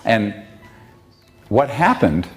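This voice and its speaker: A man's voice: lowish voice, sing-song, drawn-out words, faint music behind. A man giving an impassioned public talk, fiery and emphatic. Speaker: public speaker.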